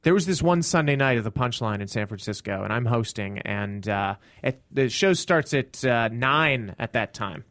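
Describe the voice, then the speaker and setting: A man, a stand-up comic, telling a story in casual podcast chat and acting out the people in it with sudden high shouts. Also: animated, normal speed, hardly any pauses, no room sound.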